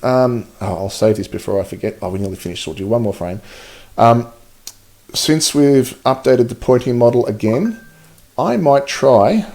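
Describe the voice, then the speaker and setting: Man, mellow tone, casual live-stream host, chatty, laughs a lot. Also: medium pitch. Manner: chatty, reads out viewer comments, laughs often. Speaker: livestream host.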